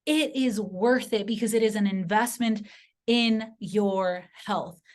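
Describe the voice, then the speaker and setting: A woman giving an earnest motivational sales pitch to camera, speaking directly to the viewer and telling personal stories. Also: slow pace. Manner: earnest, direct, story-driven persuasion. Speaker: sales presenter.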